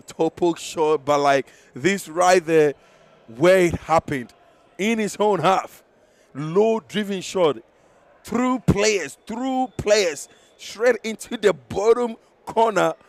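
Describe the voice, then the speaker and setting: A man commentating live on a futsal match, excitable, laughing often and losing his voice. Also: high-pitched, takes it slowly, vocal fry, dry recording. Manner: excitable, shouting at big moments, laughing often.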